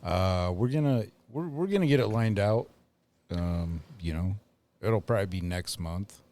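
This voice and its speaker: Male podcast host, unhurried, lowish, filler-heavy casual chatter. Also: animated, a little mellow. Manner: rambling, filler-heavy, laughs often.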